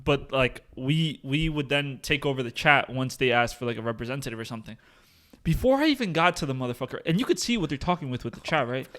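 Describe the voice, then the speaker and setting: A young man hosting a podcast, telling stories in a slangy, animated way with plenty of swearing. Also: medium pitch, fast talker. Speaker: podcast host. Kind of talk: casual chat.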